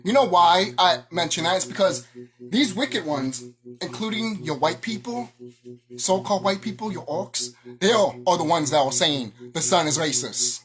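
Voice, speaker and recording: A woman ranting to her viewers in an angry, confrontational way, swearing freely. Her pitch leaps up and down as she presses each point. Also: expressive, normal speed. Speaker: vlogger. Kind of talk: ranting monologue to camera.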